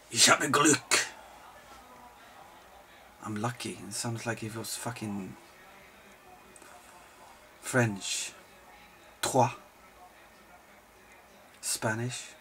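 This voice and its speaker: A man's voice: on the low side, steady tone, slow pace, vocal fry, long pauses, a bit bright, a little hiss or hum. A tired man who has not slept, rambling and swearing through casual chat as a video host. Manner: swears freely, rambles and jokes. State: tired from lack of sleep. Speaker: video host answering viewer questions.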